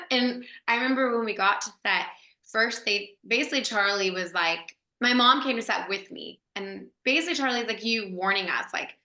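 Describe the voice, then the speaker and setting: A woman's voice: mid-range voice, normal speed, bright, forceful tone, echoey room. A woman actress telling a story as a guest, chatty and full of "like" fillers, laughing as she goes. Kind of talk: animated anecdote storytelling.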